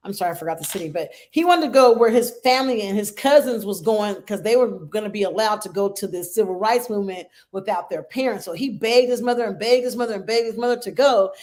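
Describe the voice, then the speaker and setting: A middle-aged woman leads a support group for grieving mothers, telling a story earnestly and emotionally and frequently checking in with "right?" and "okay?". Her voice is mid-range and a little mellow.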